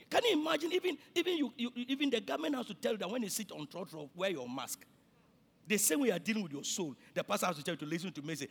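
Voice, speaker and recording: A male pastor with a Ghanaian accent, preaching a sermon that swings between shouting and quiet, and he repeats himself often. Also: very high voice, very animated, a little fast, gravelly, slightly rough.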